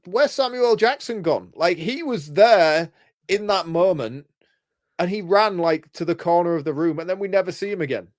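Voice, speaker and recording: A man's voice: sits high, animated, moderate pace, dry recording, clean studio sound. Chatty man picking apart a film. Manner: chatty, picks at plot holes, laughs often. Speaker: podcast co-host. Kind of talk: casual film review chat.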